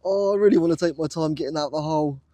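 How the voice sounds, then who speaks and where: Out in a muddy British field with a metal detector, a man vlogs breathlessly to his viewers, awestruck and repeating his exclamations. His voice is slightly high, quick and dark-toned, recorded by a camera on a tripod with no room sound.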